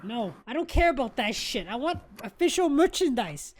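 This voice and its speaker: A woman co-hosting a casual fan discussion, ranting excitably with lots of swearing. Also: high voice, moderate pace. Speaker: co-host of a fan discussion show. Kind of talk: casual chat.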